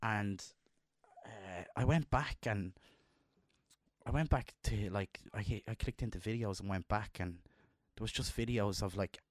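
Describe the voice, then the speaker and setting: A middle-aged man on a casual podcast, low-voiced and heartfelt. He turns emotional and jumps up high when he quotes himself. The sound is dry and close. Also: measured pace, no room sound. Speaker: podcast co-host. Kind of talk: casual chat.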